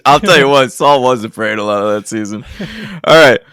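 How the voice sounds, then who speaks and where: A man co-hosting a film podcast in casual, animated chat with a lot of swearing. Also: on the low side, fast, smooth, no echo, clean studio sound. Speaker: podcast co-host.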